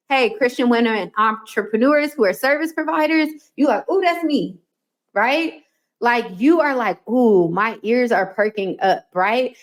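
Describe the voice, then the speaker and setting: A woman hosting a solo business coaching podcast, talking in a chatty, animated way and acting out little quotes. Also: on the high side. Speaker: podcast host.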